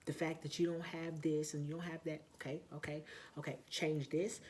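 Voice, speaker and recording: A woman talking in a casual vlog monologue, blunt and profane, with lots of fillers and emphatic, loud outbursts. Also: deep voice, steady tone, moderate pace, slight background noise. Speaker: vlogger.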